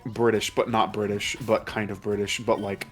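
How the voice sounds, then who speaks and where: A man's voice: lowish voice, level tone, normal speed, faint music behind. A man hosting a let's play commentary, recapping a plot in a rambling, profane way with his friends. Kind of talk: casual game commentary with friends.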